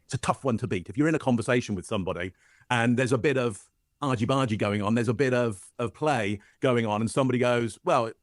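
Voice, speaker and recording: Measured British man analysing body language. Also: medium pitch, no room sound, studio quality. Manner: measured, hesitant with fillers. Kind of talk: analytical commentary.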